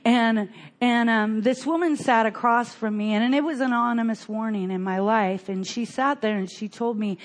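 Earnest older woman sharing her story. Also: a little high. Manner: earnest, halting, with many repeated restarts. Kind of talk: personal recovery testimony.

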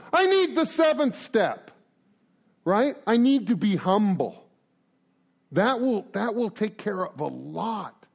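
A middle-aged man giving an informal recovery group talk, acting out little conversations and tagging lines with "right?" and "man". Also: high-pitched. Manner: animated, acts out conversations, frequent "right?" and "man".

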